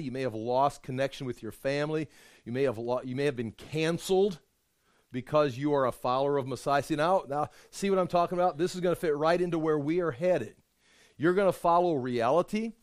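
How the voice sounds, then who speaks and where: A man delivers an informal Bible study sermon in a slightly high voice. He talks conversationally and with emphasis, stopping and restarting phrases as he works through his points. The sound is dry and close, with no room echo. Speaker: Bible teacher.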